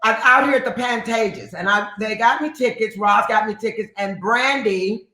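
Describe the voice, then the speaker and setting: A woman guest telling stories in a casual interview, in a brassy, profane, animated way that slips into sung phrases. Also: a little high, normal speed. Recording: roomy echo with faint piano.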